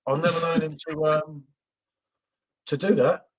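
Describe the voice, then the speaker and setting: A man's voice: on the high side, little pitch movement, measured pace. A young man hosting a casual live stream, teasing his guests in a dry way. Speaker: stream host. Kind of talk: casual banter.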